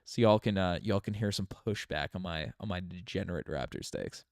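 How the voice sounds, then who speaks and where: Chatty man from Newfoundland, lively pitch. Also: fairly quick, vocal fry, no room sound, clean studio sound. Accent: light Newfoundland. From Newfoundland, Canada. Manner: rambling, chatty, laughs often, restarts words. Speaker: channel host. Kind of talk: casual live stream chat.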